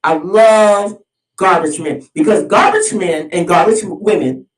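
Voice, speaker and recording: Hosting her own video series, a woman delivers an impassioned, preachy solo monologue, fired up and often repeating and restarting her phrases. Her voice is fairly low and unhurried, picked up by a distant mic with a roomy sound.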